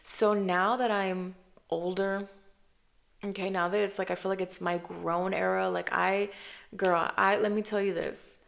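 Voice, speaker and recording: A woman in her thirties hosting a casual podcast chat, telling stories with lots of filler and calling the listener babe and girl, sometimes dropping into a hushed voice for quotes. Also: medium pitch, measured pace, gravelly. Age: 30s. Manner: chatty, animated storytelling, calls listener babe and girl. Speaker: podcast host.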